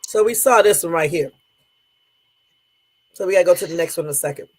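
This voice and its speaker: A woman's voice: fairly low pitch, brisk, breathy edge. A woman hosting a live stream, reacting with short, blunt, exasperated remarks between clips. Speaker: host.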